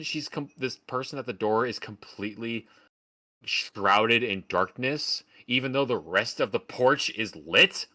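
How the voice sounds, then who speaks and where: A man's voice: mid-range voice, sharp tone. A man from Oregon giving a sarcastic, profane rant in a casual podcast film review. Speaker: podcast host.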